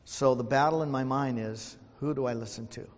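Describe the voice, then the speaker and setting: A man's voice: medium pitch, a little fast. An older man preaching a sermon as a pastor, telling folksy stories and calling out for amens. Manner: folksy storytelling, calls for amens. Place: church sanctuary. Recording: long hall reverb.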